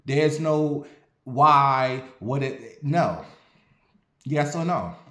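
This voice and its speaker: He's a man in his forties who vents and tells stories in a blunt, sassy, profane way. His pitch sits in the middle range, and a roomy echo hangs around his voice. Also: animated, extremely slow, a bit bright, a little hiss or hum. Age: 40s. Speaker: vlogger. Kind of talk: casual storytelling monologue.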